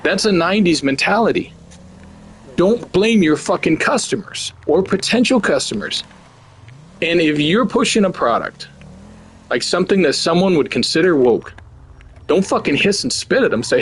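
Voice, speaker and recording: A man's voice: on the high side, lively intonation, normal speed, a little hiss or hum. A man in his forties giving a blunt, profane, heated rant as the host of a gaming channel. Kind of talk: ranting commentary over gameplay.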